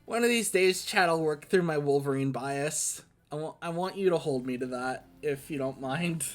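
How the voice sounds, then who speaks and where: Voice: mid-range voice, normal speed, faint music behind. A game streamer giving casual play-by-play commentary, rambling with lots of restarts and laughs.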